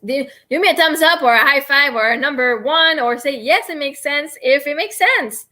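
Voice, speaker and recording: This livestream host has a high, animated voice with a sharp tone and normal speed. She teaches tapping through explanation and demonstration, keeping it chatty, rambling and self-deprecating.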